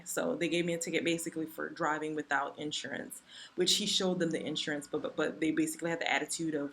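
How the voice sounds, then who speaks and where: A woman with a low-pitched voice tells a personal story to her vlog camera. She talks casually and animatedly, leaning on "you know" and "like" as she goes. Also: a little fast. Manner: chatty, animated retelling full of "you know" and "like". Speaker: vlogger.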